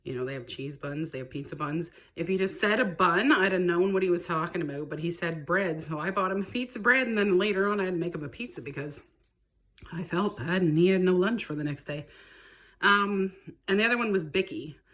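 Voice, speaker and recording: A woman's voice: on the low side, brisk, fairly bright tone. A woman from Canada, chatting casually to the camera in a vlog, rambling a little and laughing often. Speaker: vlogger.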